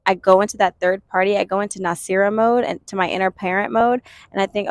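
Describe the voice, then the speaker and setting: A woman in her twenties talking earnestly and thoughtfully to camera in a reflective self-help vlog, pausing and restarting as she works through her thoughts. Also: medium pitch, steady tone, no echo. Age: 20s. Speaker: vlogger.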